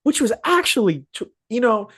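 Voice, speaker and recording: A man hosting a podcast in casual, animated chat, full of fillers and restarts, over a video call. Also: extremely high pitch, normal speed, husky, no echo. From Phoenix, Arizona area. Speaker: podcast host. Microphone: video call podcast mic.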